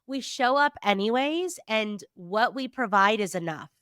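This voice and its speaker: A woman's voice: a little high, expressive, a little slow, fairly bright tone, smooth, no echo, clean studio sound. A woman in her thirties hosting a motivational podcast, her voice nasal and stuffy from allergies, upbeat and emphatic. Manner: upbeat, emphatic, casually swears. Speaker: podcast host and therapist.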